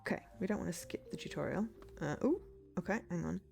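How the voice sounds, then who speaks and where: A woman's voice: on the low side, expressive, fast talker, vocal fry, a little mellow, soft background music. A woman streamer giving casual gameplay commentary, chatty and rambling, often laughing. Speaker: game streamer.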